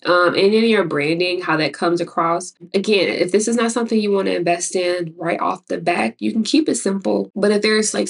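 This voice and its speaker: An artist and graphic designer from Chicago, with the city's accent, shares casual, rambling tips in a vlog, chatty and cutting herself off with laughs. Her voice is fairly low and gravelly, picked up by a distant mic.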